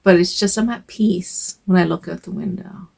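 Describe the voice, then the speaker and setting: A woman's voice: fairly low pitch, moderate pace, creaky, a little mellow. An older woman vlogging from home in a rambling, hesitant casual chat, with sighs and fillers.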